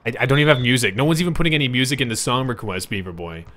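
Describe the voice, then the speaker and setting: A young man streams a video game live, ranting and swearing in frustration while a baby cries over the voice chat. His medium-pitched voice is expressive, racing and a bit bright. Game music plays behind him.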